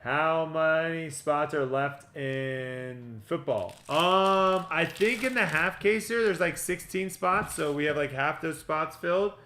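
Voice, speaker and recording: A man hosting a livestream card break, rattling off player names with quick joking asides. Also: a little high, pushed and bright. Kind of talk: livestream card-opening patter. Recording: echoey room with music behind.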